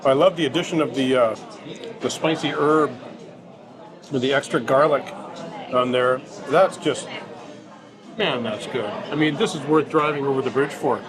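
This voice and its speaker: A man's voice: medium pitch, normal speed, long pauses. A man reviewing food in a casual vlog, enthusiastic and tasting as he talks, in a restaurant. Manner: enthusiastic, tasting while talking. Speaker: food vlogger. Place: indoor restaurant. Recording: busy restaurant chatter behind.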